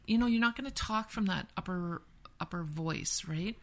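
A woman's voice: mid-range voice, a little fast. A woman from Canada, a women's empowerment and yoga teacher, talking through boundaries in a casual podcast conversation and acting out example phrases, often asking "right?". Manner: explains with repeated "right?" and acted-out example phrases.

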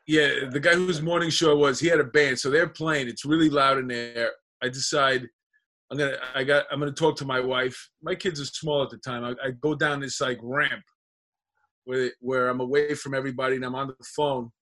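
A man's voice: medium pitch, fairly even intonation, brisk, a bit bright. A man, an actor guest on a podcast, telling rambling, profane anecdotes in casual chat.

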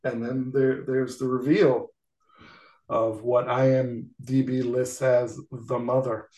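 A man hosting a podcast, recapping a film in a relaxed, casual manner. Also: mid-range voice, slow. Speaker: podcast host. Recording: echoey room.

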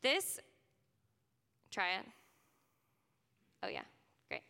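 A young woman teaching a class in a loose, chatty way, filling her sentences with "like." Her voice is bright and crisp, and it rings with the long reverb of a hall. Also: fairly low pitch, wildly swooping pitch, drawn-out words. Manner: earnest, chatty, many "like" fillers. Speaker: speaker teaching a youth ministry class. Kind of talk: casual class talk.

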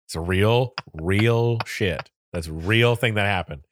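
Florida guy with a florida accent, lowish voice, rambling podcast chat, laughs a lot, dry close sound. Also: unhurried, no echo. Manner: rambling, joking, laughs often. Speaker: podcast co-host. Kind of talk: casual chat.

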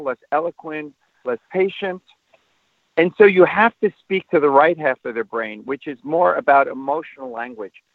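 A man speaking as a parenting expert, earnest and explanatory, getting animated when he demonstrates. His voice sits a bit high for a man. He comes through a dry, tinny phone line. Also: dry recording. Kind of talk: explanatory interview answers.

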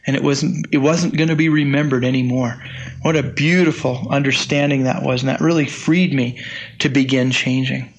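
A man's voice: medium pitch, fairly even intonation, moderate pace, slight background noise. A man in his sixties preaching a sermon in a conversational, folksy way, with frequent restarts and asides. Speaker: pastor.

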